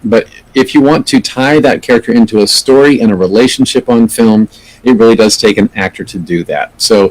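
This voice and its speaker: A man's voice: mid-range voice, fairly quick, low-quality recording. A middle-aged man, an actor, giving thoughtful, earnest answers in an interview and often restarting his sentences. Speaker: actor, podcast guest.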